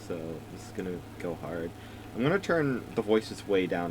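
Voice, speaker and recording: Low-voiced giggly young man gaming. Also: sing-song, moderate pace, noisy background. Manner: giggly, rambling, swears casually. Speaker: let's play streamer. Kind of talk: casual gameplay commentary.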